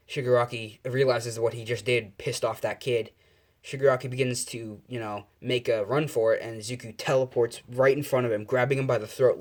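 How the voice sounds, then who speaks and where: A man telling an improvised fan-fiction story in a casual, rambling way, full of fillers and self-corrections. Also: mid-range voice.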